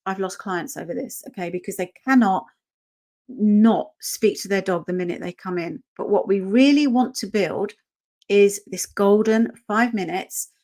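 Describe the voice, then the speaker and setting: A woman's voice: medium pitch, moderate pace, warm tone. A woman teaching an online dog-training workshop, chatty and often checking in with "okay?".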